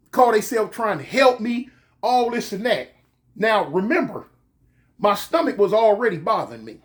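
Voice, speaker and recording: Slangy man spinning a comic yarn. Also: high-pitched. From California. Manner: animated, slangy, drawn-out pauses. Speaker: storyteller. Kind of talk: casual comic storytelling.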